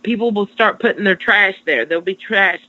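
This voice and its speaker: A woman, a psychic co-hosting a casual podcast, telling stories in an animated way and swearing freely. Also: mid-range voice, a little fast, dry recording. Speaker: psychic co-host. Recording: dull lo-fi sound.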